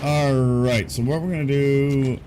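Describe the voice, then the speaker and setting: A man casually commenting on his own gameplay for a live stream, thinking aloud, yawning and drowsy in a warm room at home. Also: mid-range voice, fairly even intonation, unhurried, a little hiss or hum. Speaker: gaming streamer.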